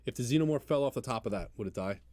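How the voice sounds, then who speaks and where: A man co-hosting a podcast with a mid-range voice, relaxed as he drops jokey asides into a made-up story. He speaks casually and easily. The sound is dry and close. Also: mid-range voice, very fast, no room sound. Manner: laid-back, adds jokey asides. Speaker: podcast co-host. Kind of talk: improvised storytelling chat.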